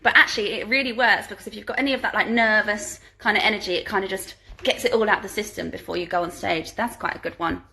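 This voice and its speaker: A woman's voice: medium pitch, fairly even intonation, fast talker, gravelly, hardly any pauses, sharp tone, slight background noise. A woman, chatting casually on a live stream from home and reading out viewer questions, giggly and full of ums. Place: home living room.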